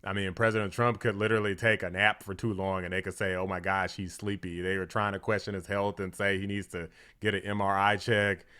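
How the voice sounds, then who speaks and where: A man's voice: on the low side, little pitch movement, fairly quick, few pauses, bright, forceful tone, clean tone. A man hosting his own political reaction channel, talking in an opinionated, mocking way and laughing often at what he hears. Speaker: political commentary host.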